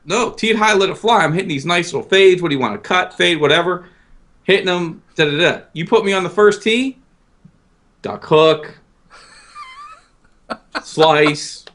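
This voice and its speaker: This guest co-host, a man in his thirties, talks a little fast in a high-sitting, fairly bright voice. His casual podcast chatter rambles and pokes fun at himself, with frequent stammers and restarted sentences.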